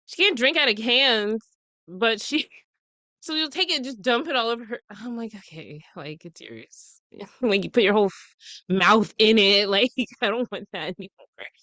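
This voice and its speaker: Blunt, laughing young mom, bright dry voice. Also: female voice, on the high side, moderate pace, dry recording. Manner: blunt, profane, laughs often while telling stories. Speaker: podcast co-host. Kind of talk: casual chat.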